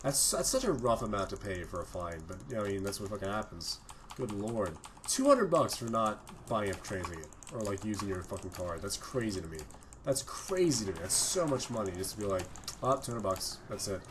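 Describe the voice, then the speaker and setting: A man's voice: on the low side, big pitch swings, brisk, noisy background. A young man giving rambling, profanity-laden casual commentary over his own gameplay video. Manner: rambling, swears a lot. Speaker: gaming video host.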